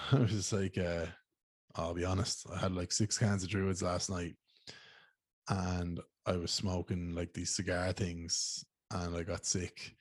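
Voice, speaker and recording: Deep-voiced Irish man rambling with slang. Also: level tone, unhurried, breathy edge, no room sound. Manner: rambling, slangy, swears freely. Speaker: podcast host. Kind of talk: casual storytelling monologue.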